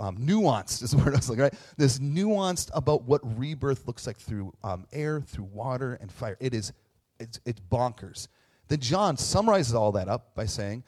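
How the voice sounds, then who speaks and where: A middle-aged man preaching a sermon in a conversational way, often checking in with a quick tag question and joking at his own expense. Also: mid-range voice, darkish tone, slightly rough. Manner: conversational, tag questions, self-deprecating humor. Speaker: pastor.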